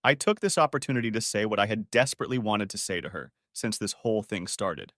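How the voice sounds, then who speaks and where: A man's voice: fairly low pitch, animated, fast, hardly any pauses, fairly bright tone, no echo, clean studio sound. A man narrating a reflective, emotional first-person audiobook story.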